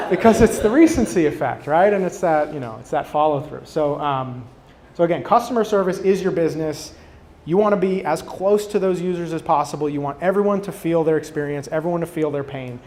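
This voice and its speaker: Casual male conference speaker, slightly high. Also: fairly quick, slight background noise. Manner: casual, conversational, many fillers and restarts; acts out quoted customers with animated voices. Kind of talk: conference talk. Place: conference stage.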